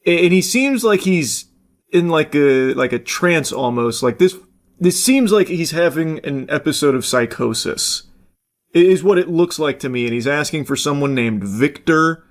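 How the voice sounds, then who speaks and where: A man's voice: on the high side, animated, moderate pace. A man reacting to a clip in casual, rambling commentary, swearing freely and filling gaps with "like" and "uh". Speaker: commentary YouTuber.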